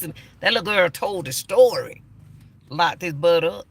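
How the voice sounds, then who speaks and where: A man's voice: high voice, expressive, unhurried, vocal fry, a bit bright, a little hiss or hum. An older man giving casual, emphatic commentary as a channel host, often repeating himself. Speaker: YouTube commentator.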